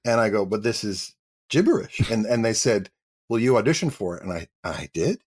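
Fairly quick and slightly rough, with a lowish voice, this middle-aged actor is telling a funny story as an interview show guest. He plays out each person's lines in animated fashion.

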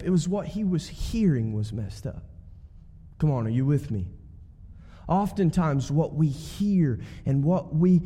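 A man's voice: mid-range voice, mellow. A man preaching as a guest pastor, conversational, often asking the congregation to respond. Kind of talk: sermon. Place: church sanctuary. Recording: long church hall reverb.

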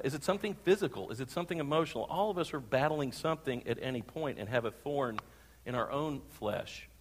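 A man preaching a sermon to his congregation, asking them pointed questions. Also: on the high side. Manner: animated, rhetorical questions to the congregation. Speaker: pastor. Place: church sanctuary. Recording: long hall reverb.

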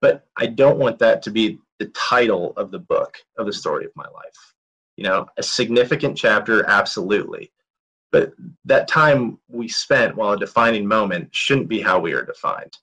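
A man's voice: on the low side, expressive, moderate pace, bright, forceful tone, slightly rough, rough recording. A man in his thirties giving a candid, conversational motivational talk, telling personal stories with many fillers and restarts. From United States. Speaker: motivational speaker. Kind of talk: storytelling talk.

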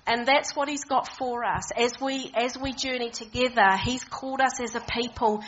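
A woman delivers an informal sermon in an easy, talky manner. Her voice sits slightly high, and she often trips over and repeats her words. The recording sounds muffled and lo-fi. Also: fairly even intonation, moderate pace, hardly any pauses, a bit bright. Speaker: preacher.

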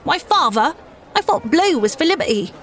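A woman's voice: high voice, very animated, normal speed, faint music behind, voice pushed up. A woman doing a fiery young boy. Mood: earnest. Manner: eager, defiant. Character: indignant young boy, hot-tempered.

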